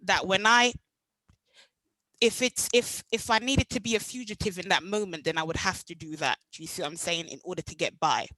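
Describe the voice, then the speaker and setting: A young adult woman from Jamaica with a Jamaican accent, telling her own story at a meetup in an animated way. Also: lowish voice, a little fast, no room sound, poor audio. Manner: animated, acts out past dialogue. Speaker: meetup speaker. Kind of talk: personal storytelling talk.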